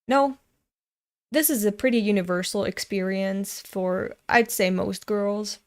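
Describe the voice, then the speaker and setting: A woman's voice: mid-range voice, fairly even intonation, unhurried. A woman in her twenties reading a comic aloud and ranting frankly about it, swearing freely. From Europe. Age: 20s. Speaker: webcomic reader and commentator.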